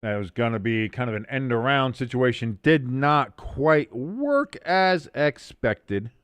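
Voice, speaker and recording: Smooth-voiced man calling plays on stream. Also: mid-range voice, slow pace, no echo. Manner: excitable, swears and jokes with chat. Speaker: host of a watch-along stream. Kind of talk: casual play-by-play commentary.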